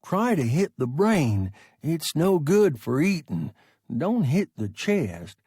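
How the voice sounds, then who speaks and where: A man's voice: fairly high pitch, very animated, takes it slowly, a little mellow, slightly rough, dry recording, studio quality, pitched above the performer's own voice, heavily acted. A man voicing a blunt, practical spaceship crewman. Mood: matter-of-fact. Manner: blunt, matter-of-fact.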